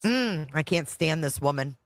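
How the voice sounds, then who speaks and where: A woman's voice: low-pitched, lively intonation, measured pace, dry recording. A woman hosting a casual reaction stream, blunt, profane and exasperated as she comments. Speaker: livestream commentary host.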